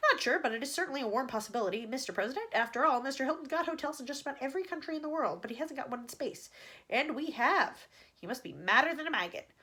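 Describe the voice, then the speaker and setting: A woman's voice: high-pitched, lively intonation, fast, pushed and bright. A woman reading aloud, voicing a sly, coaxing male chief spy.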